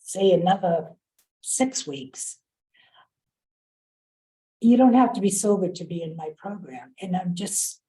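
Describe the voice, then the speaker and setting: A woman's voice: on the low side, expressive, slow, pauses often, mellow, poor audio. A woman on a video call, earnestly telling a story from her work in a training session and quoting the people involved. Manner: earnest, quotes the dialogue of others. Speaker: program staff member in a training session.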